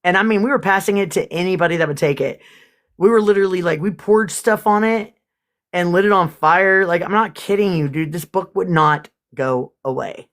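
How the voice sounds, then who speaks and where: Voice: mid-range voice, normal speed, fairly bright tone. A livestream host chatting casually with viewers, swearing freely and getting emotional.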